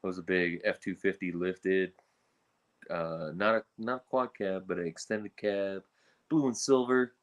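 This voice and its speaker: A man speaking as a reptile breeder guest in a casual podcast conversation, talking in a blunt, animated and exasperated way. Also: deep voice, a little slow, dull audio.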